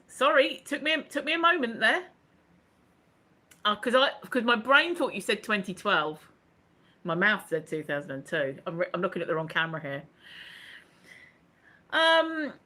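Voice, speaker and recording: Hosting a casual livestream chat, a woman with a mid-range, bright, forceful voice reads out viewer comments. She's chatty, laughs often, and rambles into asides.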